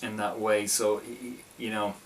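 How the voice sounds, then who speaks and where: A man's voice: fairly low pitch, little pitch movement, moderate pace, recorded from a distance, slight background noise. A man casually reviewing a film, talking in a hesitant, stop-start way with many restarts.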